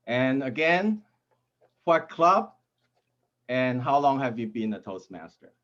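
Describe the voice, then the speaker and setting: A man acting as toastmaster for a speech contest, chatting with contestants in a joking, halting way over a video call. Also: mid-range voice, very animated, fairly bright tone, dull audio. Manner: jokey, halting with restarts. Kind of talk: friendly interview banter.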